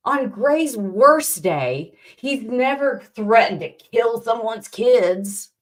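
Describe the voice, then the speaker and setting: A woman's voice: fairly high pitch, animated, takes it slowly. A young adult woman hosting a casual livestream, rambling and exasperated, with many restarts and fillers, greeting viewers from the chat. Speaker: livestream host.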